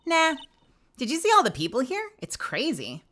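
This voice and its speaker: Casting: bubbly young woman sidekick, chirpy and high, played by a woman. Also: sing-song, moderate pace, very noisy. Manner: chirpy, upbeat. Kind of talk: dramatic game reading. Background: background music.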